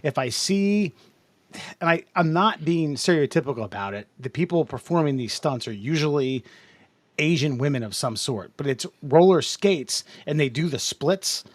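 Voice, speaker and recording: A man's voice: a little high, animated, moderate pace, dry recording. Dry-sounding man telling a rambling story. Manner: rambling anecdotal storyteller, self-mocking. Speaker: podcast co-host. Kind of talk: casual chat.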